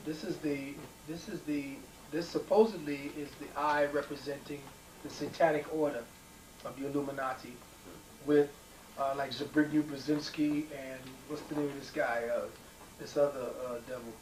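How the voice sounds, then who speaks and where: A man's voice: fairly high pitch, fairly even intonation, normal speed, darkish tone. Emphatic male lecturer in an echoey room. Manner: emphatic and digressive, with frequent restarts and fillers. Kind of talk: lecture to a live audience. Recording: echoey room, distant mic, faint hiss.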